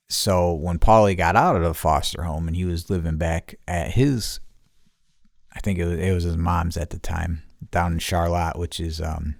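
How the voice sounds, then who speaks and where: A man's voice: low voice, gravelly, no room sound, studio quality. A man hosting his podcast outdoors, rambling casually with lots of swearing and losing his train of thought. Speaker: podcast host. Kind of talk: casual solo podcast monologue.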